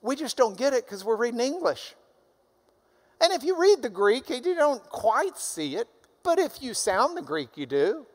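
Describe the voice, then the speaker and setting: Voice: medium pitch, big pitch swings, moderate pace. A Bible teacher giving a conversational classroom lesson, explaining terms with friendly asides.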